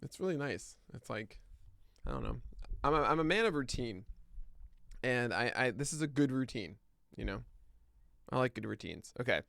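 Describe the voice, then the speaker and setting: A man from the United States hosts a live morning podcast in a chatty, self-deprecating way, laughing at his own asides before he settles into a brisk rundown. His voice is smooth and clean, recorded close and dry at a streaming desk. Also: medium pitch, expressive, a bit bright, no room sound. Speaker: podcast host. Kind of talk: casual live-stream chat, then news rundown. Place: home studio, streaming live.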